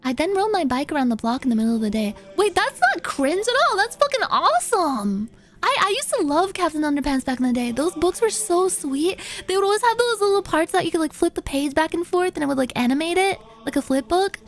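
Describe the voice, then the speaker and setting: A woman streamer reading viewer submissions aloud in a casual, playful and animated way, swearing casually. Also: high-pitched, quick pace, hardly any pauses, faint music behind.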